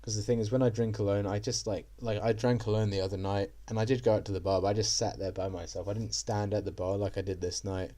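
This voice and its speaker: A man's voice: fairly low pitch, flat delivery, quick pace, few pauses, mellow. A young man vlogging in a rambling, self-deprecating monologue full of fillers. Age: young adult. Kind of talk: casual monologue.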